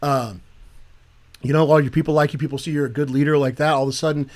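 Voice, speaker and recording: A man co-hosting a Christian podcast in casual chat, jumping from animated joking to earnest preaching. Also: fairly high pitch, fast talker. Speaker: podcast co-host.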